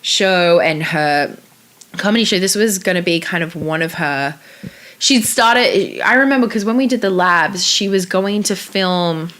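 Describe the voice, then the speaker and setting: This young actress from Australia tells chatty, animated stories in an easygoing interview, acting out quotes and breaking into laughs. Her voice is fairly low and her delivery a little slow.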